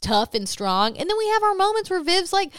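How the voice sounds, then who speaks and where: A woman's voice: extremely high pitch, sing-song, a little fast, dry recording, clean studio sound. A woman in her thirties co-hosting a podcast, chatting candidly about parenting. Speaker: podcast co-host. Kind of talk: casual chat.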